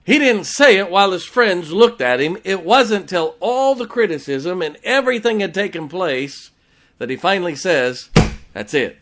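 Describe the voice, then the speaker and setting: A man's voice: sits high, big pitch swings, normal speed, a bit bright. Emphatic preacher man. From West Virginia. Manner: emphatic preaching, voice rising and falling, repetitive for effect. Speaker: pastor. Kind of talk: sermon.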